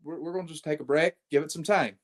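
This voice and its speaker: A man's voice: on the high side, fast talker. A brash young man, a wrestling champion, telling swaggering stories in a casual interview and calling people mate.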